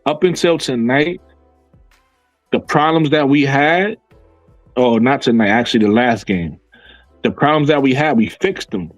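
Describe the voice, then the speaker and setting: A man's voice: mid-range voice, dry recording, poor audio. Argumentative man talking basketball to chat. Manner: argumentative, repeats himself, answers chat comments. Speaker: basketball commentary streamer. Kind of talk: casual livestream commentary.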